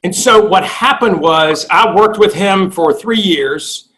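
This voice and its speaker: A man's voice: sits high, slow pace, bright, forceful tone, rough recording. A middle-aged man and sales coach telling a long personal story in a blunt, profane way, acting out the dialogue he quotes. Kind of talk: storytelling interview guest.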